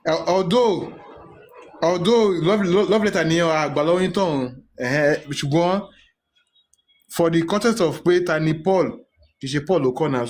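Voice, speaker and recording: A man with a Yoruba Nigerian accent, reading Bible verses aloud slowly in a casual group discussion and then arguing his point emphatically. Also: a little high. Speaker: discussion participant reading scripture.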